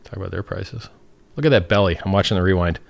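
A gravelly, low-pitched man talks at a quick pace as he hosts a livestream. Chat questions get read out and answered loosely and spontaneously, punctuated by chuckles at his own comments.

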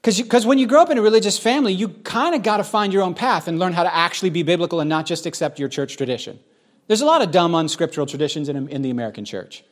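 Man, middle-aged pastor, sermon testimony, candid and conversational, slightly high voice, frequent restarts. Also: expressive, racing. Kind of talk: sermon-style personal testimony.

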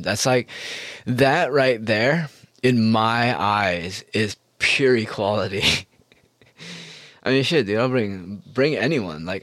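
A man's voice: lowish voice, fairly bright tone, dry recording, clean studio sound. A man hosting a solo podcast, rambling in a profane, sarcastic way. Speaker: podcast host.

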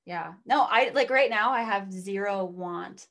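A woman's voice: medium pitch, a little slow, vocal fry, fairly bright tone. A young adult woman co-hosting a podcast, chatting casually, filling her talk with "like" and swearing. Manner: filler-heavy, says "like" constantly, swears. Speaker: podcast co-host. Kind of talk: casual chat.

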